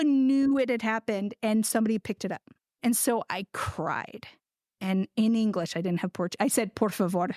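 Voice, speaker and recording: A middle-aged woman from the United States with a fairly high voice tells a story to her interviewer. She is animated, laughs often and slips into quoted voices. The sound is dry and close to the mic. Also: no room sound. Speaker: guest ceramicist.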